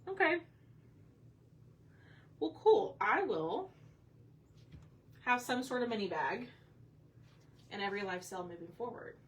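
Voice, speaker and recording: Hosting a craft livestream, this woman paints and chats casually with her viewers in an animated mid-range voice. She takes it slowly and pauses often, and the distant mic leaves her slightly off-mic with faint room noise.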